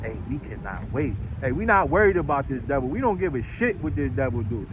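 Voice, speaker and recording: A man preaching outdoors on a city street, blunt and rough-spoken, hammering each point with "right?" and "man". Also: mid-range voice, big pitch swings, a little fast, noisy background.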